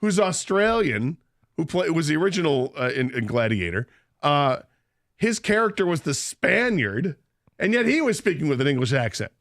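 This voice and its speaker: A man's voice: a little high, sing-song, normal speed, a bit bright, no room sound, clean studio sound. A man hosting a radio show, telling a story in casual banter and laughing often.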